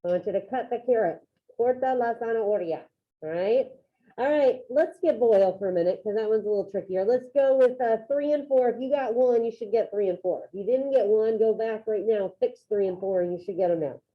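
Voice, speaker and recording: A woman teaches a Spanish class over a video call, sounding upbeat and encouraging as she calls on students by name during the online lesson. Her voice is fairly high and fairly quick, and the audio is tinny and phone-like.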